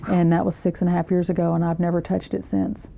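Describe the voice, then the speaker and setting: A woman speaks as a talk-show guest, telling her faith testimony in an earnest, halting way with many restarts. Her voice is low and gravelly, with a dark, mellow tone. Her delivery stays fairly flat.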